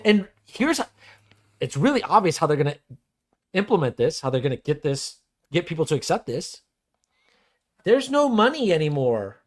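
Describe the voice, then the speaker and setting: A man co-hosting a podcast in casual chat, making blunt, sarcastic remarks. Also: high voice. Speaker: podcast co-host.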